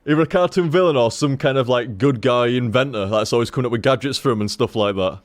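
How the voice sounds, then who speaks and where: A man's voice: medium pitch, fast talker, dry recording. A man streaming a game, rambling casually to his chat, with lots of swearing. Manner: rambling, heavy swearing, animated.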